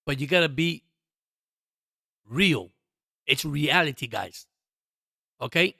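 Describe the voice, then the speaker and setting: A man's voice: on the high side, expressive, slow pace, vocal fry, pauses often, pushed and bright, no room sound, studio quality. A man hosting a sports podcast, talking straight to his listeners in an emphatic, repetitive monologue. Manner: emphatic, repeats himself, addresses listeners as guys. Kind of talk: passionate sports commentary monologue.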